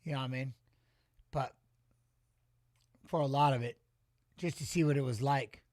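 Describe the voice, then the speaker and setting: A middle-aged man hosting a fight watch-along, chatting casually and telling animated, swear-laced stories. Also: mid-range voice, moderate pace, dry recording, studio quality. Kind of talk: casual chat reading live chat.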